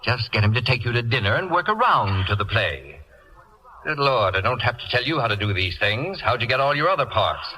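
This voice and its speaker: An actor playing a pompous, sarcastic celebrity critic in a 1940s radio play, talking in an imperious, theatrical way. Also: male voice, mid-range voice, sing-song, fairly quick, pushed and bright, highs cut off. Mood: scheming. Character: pompous, acid-tongued middle-aged male celebrity critic.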